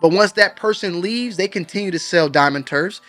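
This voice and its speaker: A man's voice: high voice, normal speed, a bit bright, faint music behind. A man hosting a sneaker news show, talking casually and slangily straight to his viewers. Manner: slangy, conversational, addresses viewers directly. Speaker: show host.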